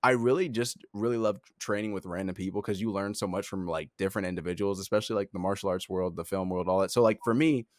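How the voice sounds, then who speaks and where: Animated young man, dry close sound. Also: deep voice, fast, hardly any pauses, no echo. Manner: animated, laughing, rambling with many fillers. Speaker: podcast co-host, head of talent. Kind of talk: casual chat.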